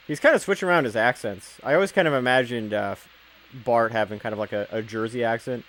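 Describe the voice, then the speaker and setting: A man giving casual, jokey commentary over a video game he is playing, talking freely and breaking into loud excited outbursts. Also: medium pitch, normal speed. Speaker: let's play commentator.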